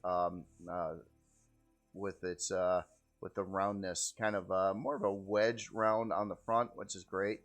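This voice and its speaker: A man giving casual, rambling gameplay commentary as host, easygoing and often repeating how cool things look. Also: on the low side. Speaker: game video host.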